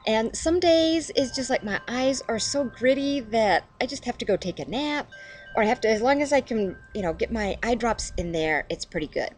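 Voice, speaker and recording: Chatty middle-aged woman, lively voice. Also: a little high, normal speed, faint music behind. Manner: chatty, self-deprecating, laughs at herself. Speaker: devotional video host. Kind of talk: casual devotional talk to camera.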